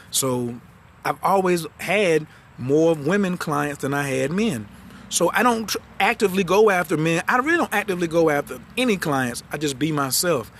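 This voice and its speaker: A man coaching viewers on a live stream. He talks fast and with animation, in slang. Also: a little high, fairly bright tone. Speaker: astrology and branding coach. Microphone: phone livestream.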